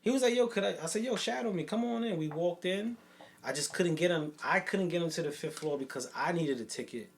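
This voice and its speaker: A New York man tells a story on a casual podcast, his voice sitting high. He slips into the voices of the people he quotes, with loose street slang and plenty of drive. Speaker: co-host, youth program leader.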